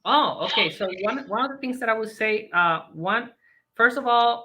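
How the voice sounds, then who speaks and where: A man's voice: sits high, expressive, normal speed, pushed and bright, a little hiss or hum, poor audio. A man joining a live video call as a guest, speaking earnestly and restarting his sentences often. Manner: earnest, hesitant with many restarts. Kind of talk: conversational advice.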